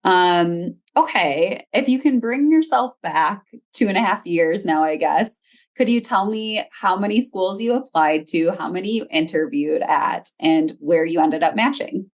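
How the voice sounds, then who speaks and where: A woman's voice: fairly low pitch, measured pace. A woman, a genetic counselor, hosting an interview and asking thoughtful, encouraging questions.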